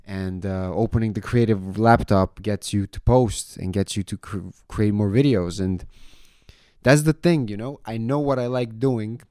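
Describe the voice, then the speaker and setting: A young man chatting casually about his life in a vlog. He swears freely, leans on "you know" and "man", and gets louder when he retells a story. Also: fairly low pitch, unhurried, no echo, clean studio sound. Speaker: vlogger.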